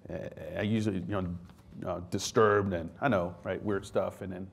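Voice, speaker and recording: Guest man in his thirties, lively storyteller who does the voices, faint rumble behind. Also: normal speed, creaky. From France. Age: 30s. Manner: animated anecdotes, acts out quoted voices, laughs often. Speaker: guest author, army veteran. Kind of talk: casual storytelling on stage.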